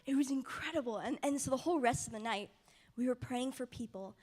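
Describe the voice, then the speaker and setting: Soft-spoken young woman sharing testimony. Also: sits high, fairly quick. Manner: soft, often drops to a near whisper. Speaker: mission trip participant sharing testimony. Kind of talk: personal testimony, casual storytelling.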